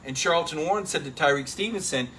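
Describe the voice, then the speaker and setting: A middle-aged man hosting a casual sports talk show, animated and emphatic, often turning to listeners with "right?". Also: fairly high pitch, quick pace, a little hiss or hum. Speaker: sports reporter and show host.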